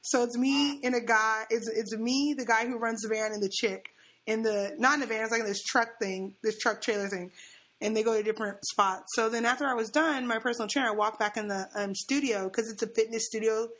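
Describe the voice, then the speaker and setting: A young woman telling a story in casual chat, animated, laughing often and acting out the quotes. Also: a little high, a little fast.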